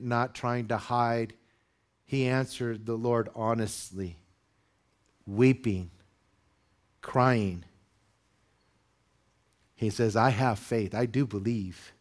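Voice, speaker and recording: A male pastor preaching to his congregation in church, moving from measured teaching into loud, high-pitched exhortation. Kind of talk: sermon.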